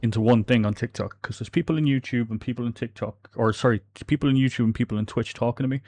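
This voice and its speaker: This gaming livestreamer from the Republic of Ireland has an Irish accent and a mid-range, slightly mellow voice delivered at a quick pace. He keeps up casual chat, reading viewer comments aloud and laughing often.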